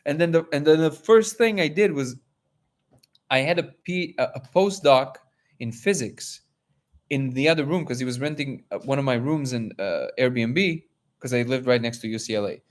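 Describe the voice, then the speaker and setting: A man hosting a live discussion, telling a personal story in an animated way and acting out quotes. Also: medium pitch, normal speed. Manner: animated, acts out quotes, many restarts. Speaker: host.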